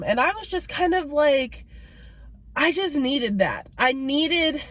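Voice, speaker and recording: Young woman, bit higher voice, confiding storytime vlogger, filler-heavy, emotional. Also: expressive, slow pace, dry recording. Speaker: mukbang vlogger. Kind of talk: candid storytime while eating. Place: home, late night.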